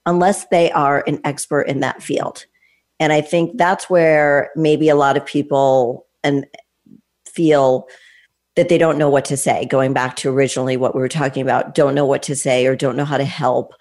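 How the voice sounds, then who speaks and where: A woman's voice: very deep voice, fairly even intonation, moderate pace, a little mellow. A woman in her late fifties, a fitness trainer, hosting an interview and talking in long, thoughtful, winding sentences with restarts. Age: 50s. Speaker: host. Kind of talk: conversational interview.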